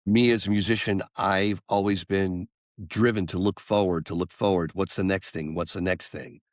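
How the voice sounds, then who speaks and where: A man, a singer-songwriter guest on an interview podcast, telling a story and acting out the quotes with lively jumps in voice. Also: deep voice, normal speed, dry recording, clean studio sound.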